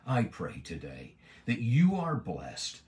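A man giving a Bible lesson, stressing key words emphatically and drawing out scripture phrases slowly. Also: fairly low pitch, wildly swooping pitch, a little mellow. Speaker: Bible teacher.

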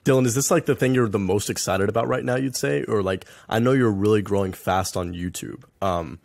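A man's voice: fairly low pitch, fairly quick, creaky, a little mellow, no echo. A man joining a casual podcast chat as co-host, jumping in with jokes and questions.

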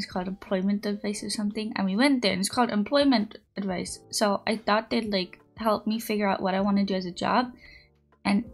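A woman's voice: mid-range voice, vocal fry. Rambling young woman streamer, music behind. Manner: rambling storytelling, squeals greetings to chat. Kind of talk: casual chat.

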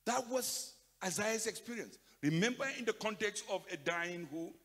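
An older man with a Nigerian accent delivers an emphatic sermon, often repeating his words and dropping from loud calls to quiet asides. His voice sits fairly high for a man. It rings out with a long reverb from a big hall. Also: expressive, normal speed. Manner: emphatic, repeats phrases, swings from loud to soft. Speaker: pastor. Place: large conference hall.

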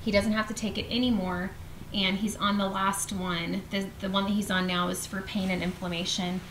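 A woman in her thirties chatting casually to her viewers from her home, friendly and talkative, sometimes cooing at her cat in a high voice. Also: little pitch movement, moderate pace, a bit bright, slight background noise. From Alaska. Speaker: homestead vlogger. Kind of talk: casual vlog chat to viewers. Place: at home indoors.

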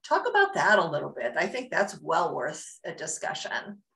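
A woman's voice: on the low side, very animated, moderate pace, a bit bright. A woman hosting an interview, speaking in a reflective, encouraging way. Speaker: host. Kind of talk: interview conversation. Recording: echoey room sound.

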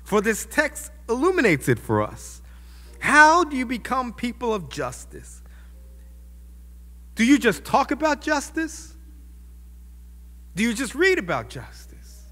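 High, lively preaching man in echoing hall. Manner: impassioned preaching with sudden loud rises. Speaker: pastor. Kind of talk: sermon. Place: church.

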